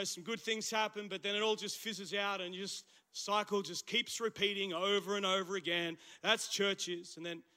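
A man with an Australian accent preaching a casual, animated sermon in church, his voice husky from the flu. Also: sits high. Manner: conversational, animated preaching with slang asides. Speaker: pastor. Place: church service.

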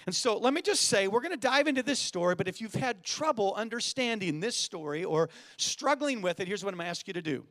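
A middle-aged man from California preaching a sermon as a guest pastor, energetic and joking, calling for amens. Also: high-pitched, brisk, few pauses.

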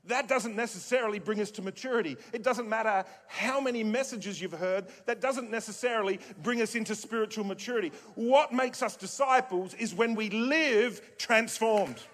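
An Australian man delivers a sermon with a notably high voice, hammering home repeated phrases between lighthearted asides. His words ring out with a long reverb that fills the church auditorium. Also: moderate pace, hardly any pauses, fairly bright tone. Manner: emphatic, repeats key phrases, jokey asides. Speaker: pastor.

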